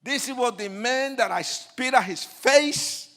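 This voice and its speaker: A man's voice: very high voice, slow pace. An older man preaching his testimony to an audience, telling his story vividly, acting out voices and joking in asides. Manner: animated storyteller, acts out quotes, bursts into shouts; addresses the audience directly, jokes in asides.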